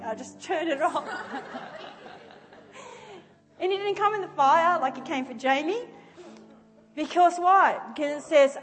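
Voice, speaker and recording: A woman preaching an animated sermon that swings from shouting to soft, quiet speech. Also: high-pitched, a little fast, long reverb tail, faint music behind. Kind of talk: lively sermon with acted-out prayers.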